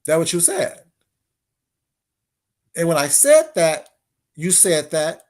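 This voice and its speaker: A man's voice: sits high, sing-song, measured pace, pauses often. A man giving a brash, confrontational casual monologue as an online commentator.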